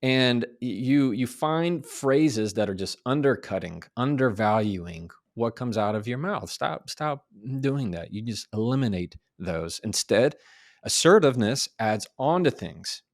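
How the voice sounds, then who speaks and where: A man talks as a podcast guest, giving communication advice with animated emphasis. His voice sits at a middle pitch. He acts out sample phrases as he goes. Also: unhurried.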